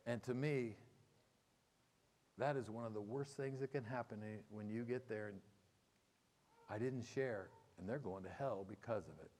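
Animated preacher in a big reverberant hall. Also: male voice, fairly low pitch, moderate pace, long pauses. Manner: animated storytelling, acting out characters' lines. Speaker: pastor. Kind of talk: sermon. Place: church auditorium. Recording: reverberant church auditorium.

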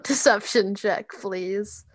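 A woman's voice: mid-range voice, no echo. Casual woman running a tabletop game. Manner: casual, halting, many fillers. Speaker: game master.

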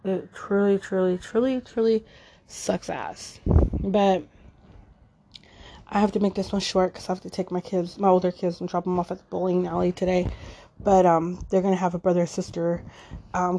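A woman's voice: lowish voice, little pitch movement, fairly quick, dark tone, a little hiss or hum. A woman in her thirties talking casually and emotionally on her podcast, swearing freely and using lots of fillers. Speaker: podcast host. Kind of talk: casual personal monologue.

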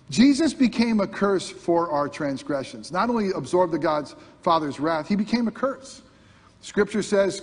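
Preacher, husky, echoing hall. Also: male voice, a little high. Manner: preaching with rising and falling intensity, rhetorical questions. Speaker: pastor. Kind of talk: sermon. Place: church sanctuary. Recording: long hall reverb.

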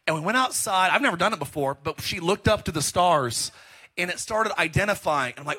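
A middle-aged man preaching a sermon as pastor, telling stories in an animated, joking way. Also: high-pitched, normal speed. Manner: animated, joking storytelling with laughs.

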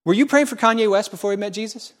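A pastor in his forties preaches in a high-pitched voice at a quick pace, folksy and joking with his congregation. He swings between loud exclamations and quiet asides.

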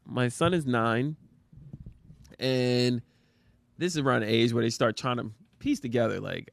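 A man's voice: medium pitch, expressive, a little slow, gravelly, long pauses, fairly bright tone, dry recording. A man co-hosting a casual chat, a father who laughs often and teases his friend. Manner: laughs often, teasing exclamations. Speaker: podcast co-host; father of a son and daughter.

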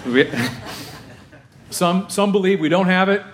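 A man preaching a casual, animated sermon to his congregation, using slang and asking them questions. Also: high-pitched, a little slow, slight background noise. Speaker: pastor.

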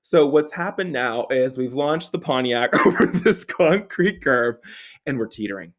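A young man telling a story in a casual way, animated and profane, often breaking into laughter. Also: mid-range voice, a little slow.

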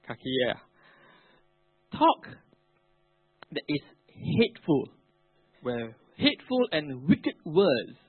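A man's voice: fairly high pitch, husky, no room sound. A male pastor preaching a sermon, emphatic with colloquial asides. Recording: narrow phone-like, dry.

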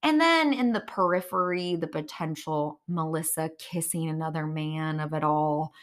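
A woman's voice: low-pitched, creaky, sharp tone. A woman hosting a podcast, giving casual, opinionated commentary in a chatty, candid way, full of fillers like "like" and "um". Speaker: podcast host recapping reality TV.

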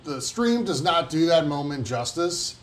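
A man co-hosting a gaming podcast, telling stories with energy and chiming in with quick agreement. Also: a little high, slight background noise. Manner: animated storyteller, quick to agree. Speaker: podcast co-host. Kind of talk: casual chat.

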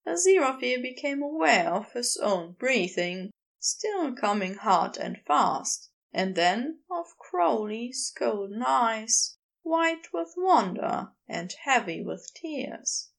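Woman narrator, audiobook story reading, slow, lively, gravelly voice. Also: high voice. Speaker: podfic reader.

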